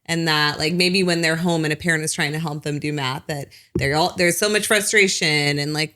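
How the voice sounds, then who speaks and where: A woman's voice: sits low, fairly even intonation, normal speed, few pauses, sharp tone. A woman psychologist, a guest on a podcast, explaining at length in casual talk with lots of "like" and "you know.". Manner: acts out short parent quotes in other voices.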